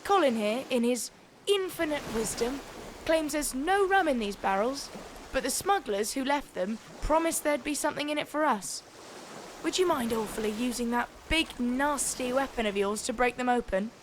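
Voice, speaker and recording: A woman's voice: high-pitched, lively intonation, normal speed, slight background noise. An actress playing a sarcastic, scheming female pirate captain. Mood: coaxing. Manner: sarcastic, coaxing and bossy. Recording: game audio with faint music behind.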